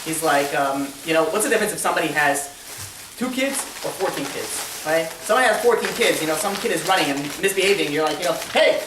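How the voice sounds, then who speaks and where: Fast talking rabbi guy telling a story, roomy echo, noisy background. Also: a little high. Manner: animated, acts out characters in a story. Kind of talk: storytelling Torah class. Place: community center classroom. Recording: echoey room, distant mic, background noise.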